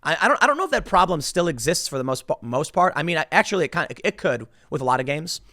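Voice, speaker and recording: A man's voice: fairly high pitch, sing-song, fast talker, bright, forceful tone, no room sound, studio quality. A man delivering a sarcastic political opinion monologue, mocking the people he talks about and acting out their voices. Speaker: political commentator.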